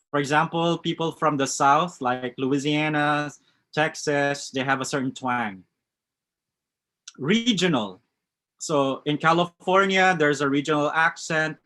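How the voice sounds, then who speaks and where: A man's voice: a little high, pushed and bright. A man with a West Coast American accent teaching a live online English class, reading out chat answers and commenting on them.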